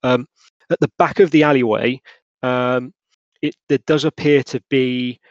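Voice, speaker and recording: A man runs a tabletop horror game, rambling through his narration with plenty of fillers and restarts. His voice sits at a middle pitch. The recording is dry and a little dull. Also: fairly even intonation, measured pace, dry recording. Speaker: game master.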